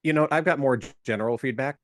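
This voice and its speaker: A man's voice: medium pitch, fast talker, dry recording, studio quality. A man giving casual feedback as a workshop panelist, emphatic and insistent, often restarting words, over a video call.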